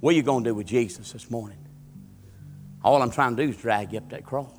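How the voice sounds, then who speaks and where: A male pastor, preaching a sermon as a storyteller whose voice climbs loud and high at the peaks. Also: quick pace, soft background music.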